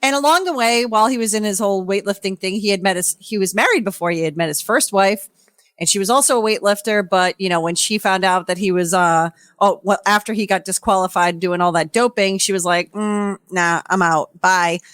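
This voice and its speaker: A woman's voice: medium pitch, a bit bright, smooth, no echo. Profane, rambling woman podcast co-host. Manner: profane, rambling storytelling with quick impressions. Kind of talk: casual reality-TV recap chat.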